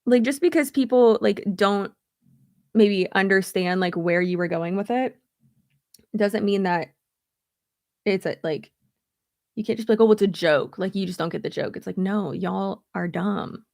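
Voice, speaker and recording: Blunt, gravelly-voiced woman chatting on a livestream. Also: mid-range voice, normal speed, pauses often, darkish tone, no room sound, clean studio sound. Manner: blunt, sarcastic, swears freely. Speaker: beauty YouTuber. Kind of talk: casual livestream chat. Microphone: streaming setup at home.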